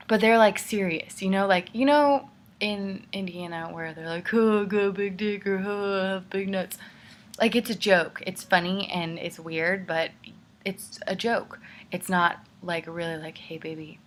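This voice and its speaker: A woman's voice: fairly low pitch, a bit bright. A young woman ranting candidly in a casual video letter to a friend, often dropping to a whisper. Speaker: vlogger.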